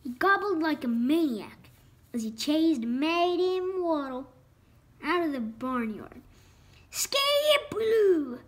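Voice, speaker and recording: A woman reading a children's picture book aloud, expressive and slow. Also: high voice. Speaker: storyteller. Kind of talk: children's story read-aloud.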